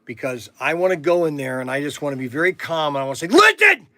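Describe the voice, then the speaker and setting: A man's voice: medium pitch, quick pace, dry recording. A middle-aged man hosting a livestream from a warehouse, chatting casually and telling folksy stories full of fillers and restarts. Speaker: livestream host. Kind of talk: rambling casual livestream chat.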